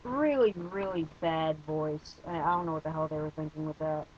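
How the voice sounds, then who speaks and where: A man's voice: a little high, monotone, a little fast, muffled recording, slight background noise. A man giving a casual spoken movie review, hesitant and rambling, with many fillers and blunt opinions.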